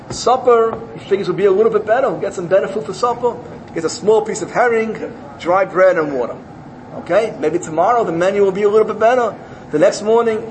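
High-voiced man telling a parable. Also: a little hiss or hum, rough recording. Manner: animated storytelling, acts out characters. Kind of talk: telling a parable in a religious talk.

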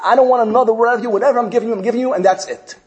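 A man's voice: very high voice, very fast, voice pushed up. A man voicing an irritated wealthy man who speaks curtly and impatiently. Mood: fed up. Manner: curt and impatient. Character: irritated rich man, fed up and curt.

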